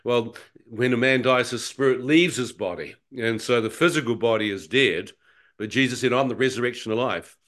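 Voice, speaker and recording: Man, guest, animated storyteller who acts out his own thoughts, mid pitch. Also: moderate pace. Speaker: guest telling a near-death testimony. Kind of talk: conversational personal testimony.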